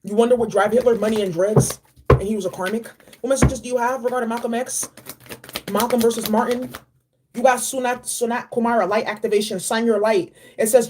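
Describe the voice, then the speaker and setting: A woman giving a casual spiritual card reading, animated and slangy, repeating key phrases. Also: fairly high pitch, fast, breathy edge. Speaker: tarot and oracle card reader.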